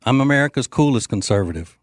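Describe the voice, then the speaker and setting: A man's voice: mid-range voice, expressive, fast, no echo. A man hosting a political talk show, delivering a brash, joking, rambling monologue with frequent fillers into a studio microphone. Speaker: host.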